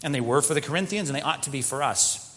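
A man preaching a sermon as pastor, animated, often slipping into mock quoted voices. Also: on the high side, fast. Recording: long hall reverb.

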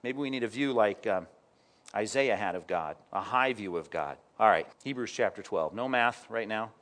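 A man's voice: fairly low pitch, expressive, normal speed, fairly bright tone. A man preaching a sermon, reading scripture and breaking off into chatty asides and rhetorical questions to the congregation. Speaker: pastor.

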